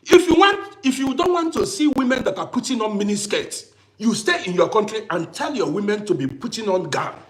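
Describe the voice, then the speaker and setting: Male livestream host, middle-aged, high-pitched and expressive, hammering points home through repetition. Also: brisk. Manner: emphatic, repeats phrases for effect. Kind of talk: impassioned livestream monologue.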